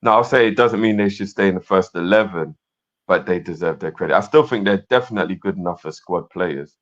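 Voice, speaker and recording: Deep, rambling co-host. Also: male voice, brisk, dull audio. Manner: rambling, repeats words, fond of filler phrases. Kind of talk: casual live-stream chat.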